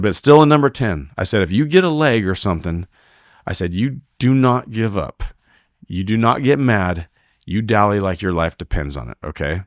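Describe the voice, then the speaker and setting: A podcast guest who works as a team roper tells his story in a low-pitched voice on a dry, clean studio recording. He's animated and casual, acting out quoted voices and cursing freely.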